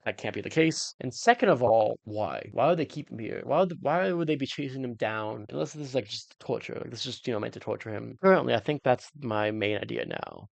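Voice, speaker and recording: A man with a gravelly, fry-edged voice of middle pitch, recapping a TV episode in a loose, joking way. He rambles through his theories and leaps up in pitch when something surprises him. The sound is dry and close, with no room around it. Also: brisk, few pauses, no room sound. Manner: jokey and rambling, with sudden excited jumps in pitch. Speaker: reaction channel host.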